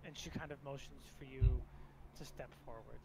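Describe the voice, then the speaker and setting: A man's voice: mid-range voice, fairly even intonation, moderate pace, vocal fry. A man narrating as game master of a tabletop fantasy game, describing scenes and voicing characters with frequent restarts. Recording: noisy background hiss.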